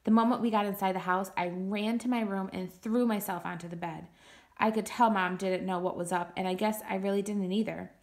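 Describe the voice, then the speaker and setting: A woman teacher reading a novel aloud to her class, with steady and expressive first-person narration. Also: medium pitch, a little fast.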